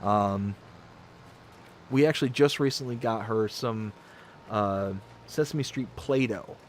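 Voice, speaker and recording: A man's voice: fairly low pitch, slow, a little hiss or hum. A man hosting a livestream, telling rambling stories and reading viewer comments aloud in a casual way. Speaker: livestream host.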